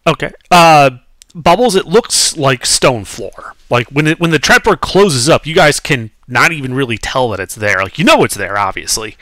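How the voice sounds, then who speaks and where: A man's voice: mid-range voice, animated, normal speed, bright, forceful tone, no room sound. A man running a tabletop game as game master, describing scenes casually with fillers. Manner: casual, explains with many fillers.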